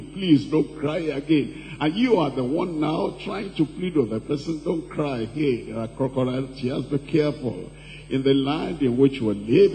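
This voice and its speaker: A man preaching a sermon as pastor, asking the congregation questions and reading scripture slowly and deliberately. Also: medium pitch, warm tone. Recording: distant-sounding hall recording with faint hum.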